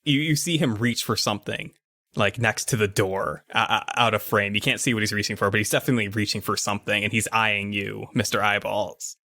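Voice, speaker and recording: A man narrating a tabletop game as game master, describing each scene like comic panels. His voice sits fairly low, and the sound is dry and close. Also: fairly even intonation, a little fast, sharp tone, no echo.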